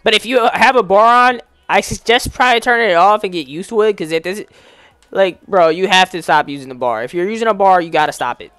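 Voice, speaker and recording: A young man giving casual commentary while playing a basketball video game, slangy and excitable, calling out plays to the game. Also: high-pitched, a little fast, smooth, no echo. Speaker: gaming YouTuber.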